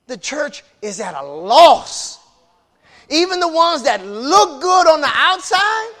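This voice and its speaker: Emphatic high-voiced preaching man. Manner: emphatic, repetitive, builds to shouting. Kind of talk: preaching-style casual talk.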